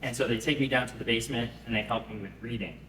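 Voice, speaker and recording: A man giving a live pitch presentation to an audience, conversational and often checking in with them. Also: steady tone, fast talker, sharp tone, slight background noise. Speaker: startup founder pitching. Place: event room. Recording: echoey room, mic at a distance.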